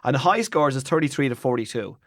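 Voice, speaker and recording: An Irish man co-hosting a podcast in casual chat, animated and jokey, rambling with restarts. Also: medium pitch, fast, dry recording, clean studio sound. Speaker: podcast co-host.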